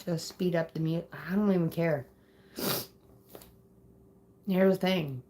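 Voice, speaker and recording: A woman's voice: on the low side, fairly even intonation, slow pace, mellow. A woman ranting angrily at her viewers on a livestream, upset and swearing, threatening people in the chat. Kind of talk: angry livestream rant.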